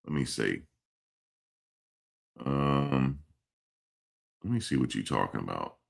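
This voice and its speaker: A man's voice: a bass voice, lively intonation, slow, gravelly. A man hosting a casual live stream, reading chat comments and answering them in a blunt, repetitive, scolding way. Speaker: livestream host reading chat. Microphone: streaming mic.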